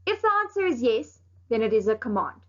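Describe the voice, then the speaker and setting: A woman with a high-pitched voice teaches young pupils in a recorded lesson, explaining carefully and stressing key words firmly. She is very animated, talks a little fast, and has a fairly bright tone. The audio sounds a little dull and lo-fi.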